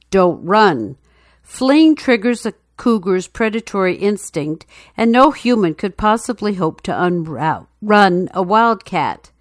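A woman's voice: lowish voice, dry recording, studio quality. A woman narrating a true story as scripted narration, telling it in a dramatic, suspenseful way.

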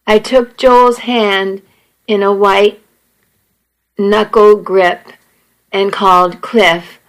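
Woman narrator for a first-person story; slow, earnest, measured read, mid pitch. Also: fairly even intonation, low-quality recording.

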